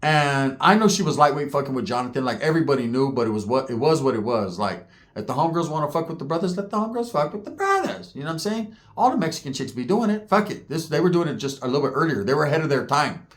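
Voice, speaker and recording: A man's voice: medium pitch, expressive. A man telling a story in a casual, profane way, full of slang and constant "right?" checks. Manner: acts out other people's lines in quick voices. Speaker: podcast guest telling a story.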